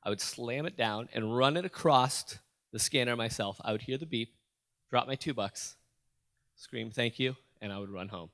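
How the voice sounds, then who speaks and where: A man speaking onstage at a school assembly, in a storytelling keynote. He is animated, asks the crowd questions and jokes with them. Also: mid-range voice, normal speed. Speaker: motivational youth speaker. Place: school auditorium.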